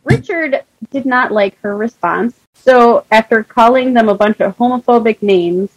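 A young woman co-hosting a podcast, telling stories in profane, animated casual chat. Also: on the high side, a little slow, breathy edge, no room sound, rough recording. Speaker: podcast co-host.

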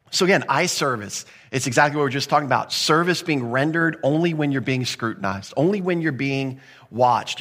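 A man preaching a sermon in a conversational way, with quick acted asides and rising emphasis. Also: mid-range voice, fairly bright tone. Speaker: pastor.

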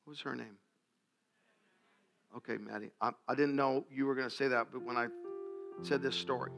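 A man in his forties, a pastor, telling stories in a sermon in an animated, self-deprecating way. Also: medium pitch, moderate pace, creaky, soft background music. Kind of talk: sermon storytelling.

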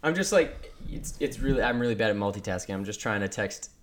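A man's voice: on the low side, animated, quick pace, background noise. A man co-hosting a casual podcast chat, rambling and teasing his friend, with frequent swearing. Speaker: podcast co-host.

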